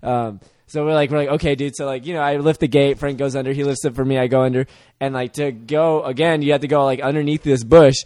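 A man's voice: mid-range voice, steady tone, fast, hardly any pauses, darkish tone, no room sound, studio quality. A young man telling a story in casual chat, laid-back and saying "dude" often.

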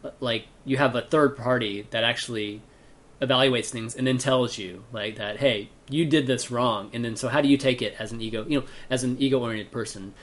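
A man's voice: medium pitch, fairly even intonation, brisk. A man hosting a casual gaming chat, talking hesitantly with many fillers and restarts.

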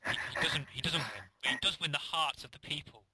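A man's voice: a little high, fast talker, heavy background noise. A man co-hosting a casual comedy podcast, explaining things in a playful, mock-authoritative way. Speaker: podcast co-host.

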